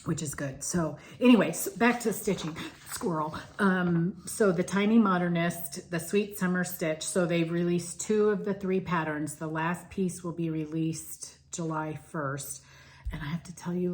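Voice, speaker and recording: A woman with a fairly low voice chats casually about her stitching for her channel. She drifts into side stories and then brings herself back to the topic. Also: a little slow, darkish tone, a little hiss or hum. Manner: chatty, digressive storyteller. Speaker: flosstube co-host.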